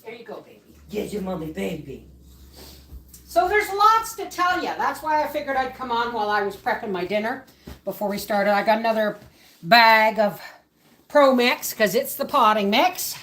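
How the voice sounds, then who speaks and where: A woman's voice: fairly high pitch, normal speed, fairly bright tone, a little hiss or hum. A woman, hosting a casual live stream from her home kitchen while cooking. She rambles and cuts herself off mid-thought. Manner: chatty, rambling, self-interrupting. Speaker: homesteading livestream host.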